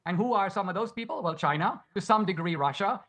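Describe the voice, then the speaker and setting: Male debater, lecturing tone, quite high voice, quick delivery. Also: lively intonation, fairly bright tone. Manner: lecturing, rhetorical questions. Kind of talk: debate argument.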